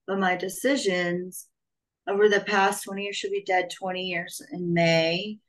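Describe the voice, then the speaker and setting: Woman podcast host, lowish voice, slow to start, lots of "um", reflective. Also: flat delivery, low-quality recording. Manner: thoughtful, hesitant, starts with "um".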